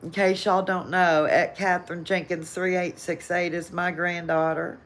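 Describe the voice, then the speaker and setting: A woman's voice: lowish voice, little pitch movement, moderate pace. An older woman with a Southern American accent, hosting a casual live chat and reading viewer comments, rambling and laughing often. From Southern United States. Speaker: livestream host.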